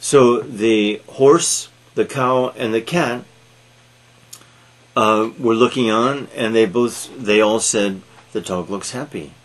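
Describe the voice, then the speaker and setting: A man telling an animal fable aloud, halting with frequent fillers and restarts. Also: mid-range voice, steady tone. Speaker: storyteller. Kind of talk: read-aloud storytelling.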